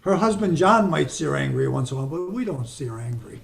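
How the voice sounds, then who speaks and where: An older American hypnotist speaks in a slightly high voice, telling stories to his group. He then eases into slow, soft, deliberate suggestions. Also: animated, creaky. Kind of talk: talk to an online group, with guided suggestion.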